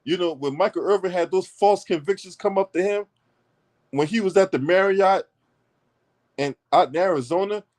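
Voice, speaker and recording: A man's voice: high voice, normal speed, a little mellow. A man hosting his own political commentary channel, delivering a blunt, mocking rant full of swearing. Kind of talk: profane heated commentary rant.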